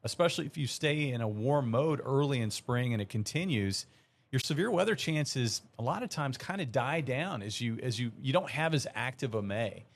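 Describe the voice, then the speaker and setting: A man's voice: mid-range voice, animated, moderate pace. A middle-aged male meteorologist explaining seasonal weather patterns in a conversational, filler-heavy way during a live broadcast.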